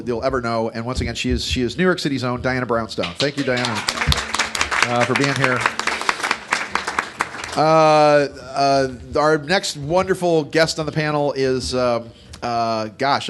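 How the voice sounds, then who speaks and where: A man's voice: medium pitch, a bit bright, a little hiss or hum. Rambling, joking male panel moderator. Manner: rambling and jokey, many "uh" fillers. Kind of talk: joking live panel introduction. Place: expo hall panel.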